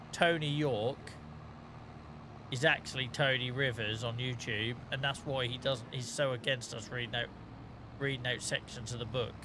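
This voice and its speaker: A man's voice: medium pitch, background noise. Jokey man streaming a game. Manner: jokey, rambling, laughs often. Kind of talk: casual gameplay commentary.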